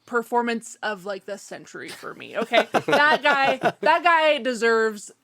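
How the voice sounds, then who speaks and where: A woman's voice: a little high, expressive, unhurried, fairly bright tone. A woman co-hosting a casual podcast chat, rambling with lots of fillers and restarts. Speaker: podcast co-host.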